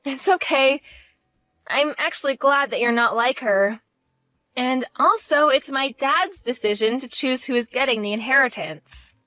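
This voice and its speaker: A woman's voice: sits high, a little slow, sharp tone, dry recording. A woman voicing a blunt young wife who speaks in a cutting, direct way.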